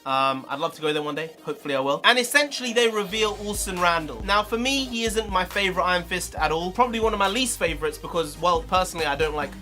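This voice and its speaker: A man, ranting heatedly in a review vlog, swearing, his pitch swinging up and down. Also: lively intonation, fast talker, few pauses, pushed and bright, soft background music. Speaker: video reviewer.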